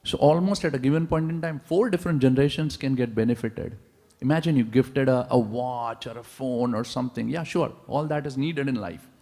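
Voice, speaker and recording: A man preaches to a congregation, telling his stories with animation and tossing rhetorical questions at the listeners. His voice has a gravelly texture and rings with the long reverb of a large temple hall. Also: mid-range voice, brisk. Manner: animated storyteller, asks the audience rhetorical questions. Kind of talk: sermon with storytelling.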